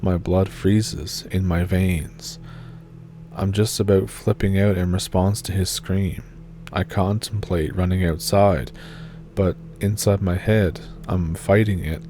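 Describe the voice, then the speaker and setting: A man narrating a first-person horror encounter story in a steady, measured read. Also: low voice, faint music behind.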